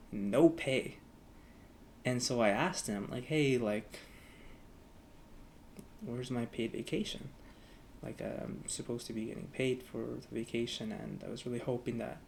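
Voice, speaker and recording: A man's voice: mid-range voice, gravelly, slight background noise. A young man talking casually to camera as a vlogger, rambling with lots of "like" fillers and acting out both sides of past conversations. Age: young adult. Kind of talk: casual storytelling vlog.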